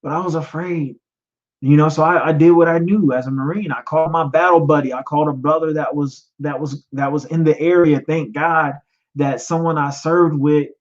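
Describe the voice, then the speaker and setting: A man in his thirties, a podcast host telling his own story in a personal testimony, emotional and halting, repeating himself and fighting back tears. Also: on the high side, fairly even intonation, lo-fi sound. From United States. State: choked up, near tears. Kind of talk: personal testimony, live stream talk.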